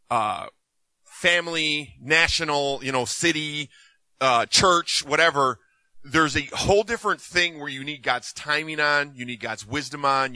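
A man's voice: mid-range voice, dry recording, poor audio. A man in his fifties preaching, telling personal stories with lots of repetition and restarts before answering questions. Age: 50s. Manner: animated storytelling with many restarts. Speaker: minister. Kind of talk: sermon with Q&A.

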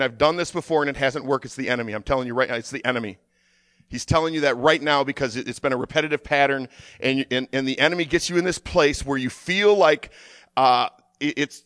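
A man preaching and praying in a fervent sermon, often halting and repeating words as he leads an altar call. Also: mid-range voice, a bit bright, no room sound, clean studio sound. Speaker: pastor.

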